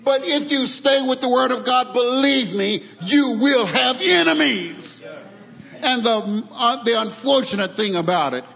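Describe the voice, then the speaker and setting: A man's voice: extremely high pitch, a little slow, creaky, pushed and bright, low-quality recording. A man preaching a sermon to his congregation, emphatic, with a sing-song cadence and asides to the crowd. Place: church sanctuary.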